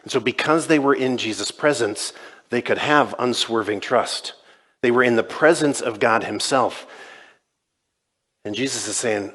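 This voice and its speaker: A man's voice: medium pitch, measured pace, fairly bright tone. A male pastor preaching a sermon in a conversational way, retelling scenes and voicing quoted dialogue. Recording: long reverb in a large church.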